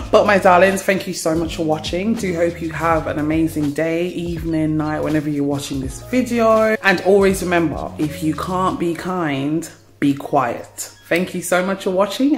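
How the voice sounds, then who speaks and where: A woman chatting casually to camera in a home vlog, relaxed and a little apologetic. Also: fairly low pitch. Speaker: vlogger. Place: at home, indoors.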